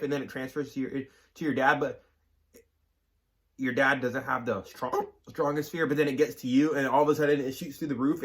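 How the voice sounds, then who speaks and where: A man's voice: medium pitch, fairly bright tone. Man with the hiccups chatting casually. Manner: breaks off with hiccup gasps. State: has the hiccups. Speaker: co-host. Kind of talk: casual podcast chat.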